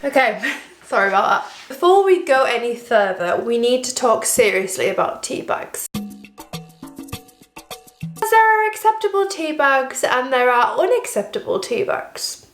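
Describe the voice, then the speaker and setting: A woman's voice: sits high, big pitch swings, measured pace, fairly bright tone, echoey room, soft background music. A woman chatting playfully in a casual home vlog from her kitchen. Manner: chatty and playful, jokey asides. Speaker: vlogger. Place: home kitchen with washing machine running.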